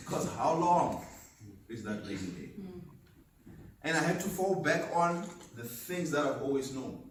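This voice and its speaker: Animated man telling his story. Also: fairly high pitch, takes it slowly, long pauses, a little hiss or hum. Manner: storytelling, emphatic, laughs at himself. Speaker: motivational speaker. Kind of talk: seminar talk. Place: seminar venue. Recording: echoey hall from far off.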